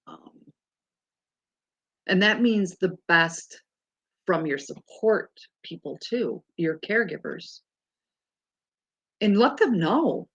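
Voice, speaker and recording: Frank, lively woman speaking casually. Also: fairly low pitch, takes it slowly, pauses often, muffled recording. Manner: frank and animated, swears freely, laughs often. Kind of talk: casual chat.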